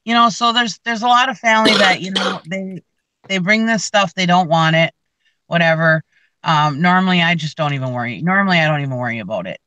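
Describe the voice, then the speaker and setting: Woman host rambling thru a story, bright forceful voice, dry close sound. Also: lowish voice, a little fast, no room sound, low-quality recording. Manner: rambling, many fillers and restarts. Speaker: reseller channel host. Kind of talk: casual storytelling chat.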